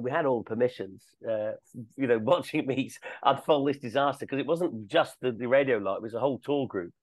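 Dude rambling through travel stories, lots of uhs, dry close mic. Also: male voice, mid-range voice, dry recording, poor audio. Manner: halting, many uhs and restarts, chuckles through stories. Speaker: guest, tour company co-founder. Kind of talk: casual storytelling chat.

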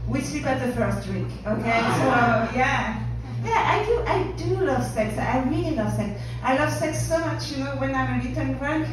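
A woman's voice: high-pitched, expressive, normal speed, few pauses. A young woman from France with a French accent, doing brash, self-mocking stand-up comedy in English and laughing often. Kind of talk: stand-up comedy set and workshop chat. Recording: echoey room, mic at a distance, background noise.

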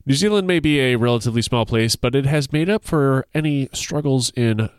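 Man, podcast co-host, casual chat, playful, laughs often, smooth voice, dry close recording. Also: medium pitch, normal speed, no room sound. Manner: playful, laughs often, reads excerpts aloud. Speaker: podcast co-host presenting a segment.

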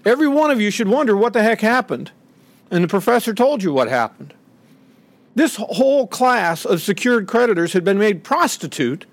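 Man, middle-aged, indignant speech, high-pitched, dry close sound. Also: no echo. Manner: indignant, acts out quoted voices with rising pitch. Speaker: speaker at a podium. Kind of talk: impassioned public speech.

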